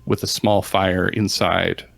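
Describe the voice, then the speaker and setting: A man narrating a tabletop role-playing game as game master in an unhurried, measured way. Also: deep voice, flat delivery, vocal fry, a bit bright, dry recording.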